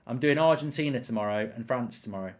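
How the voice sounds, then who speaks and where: A man's voice: mid-range voice, fast. A man hosting a live football watchalong, chatting casually, reading out viewer comments and rambling with repeated words.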